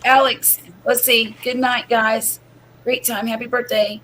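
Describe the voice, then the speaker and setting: A woman's voice: on the high side, little pitch movement, measured pace, pushed and bright, slight background noise, rough recording. A woman, hosting a chatty livestream from home and laughing often. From US Gulf Coast. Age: 50s. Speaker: livestream host. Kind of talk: casual livestream chat.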